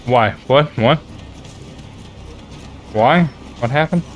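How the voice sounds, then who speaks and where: A man streaming a video game, reacting loudly, swearing in frustration and chatting with his viewers. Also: medium pitch, slow, faint music behind. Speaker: gaming streamer. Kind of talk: live gameplay commentary reading chat.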